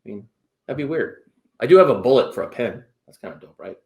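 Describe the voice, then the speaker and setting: A man in his thirties hosting a chat show, giggly and excitable, with lots of fillers. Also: mid-range voice, fast, vocal fry, roomy sound. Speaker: show host. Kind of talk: casual chat.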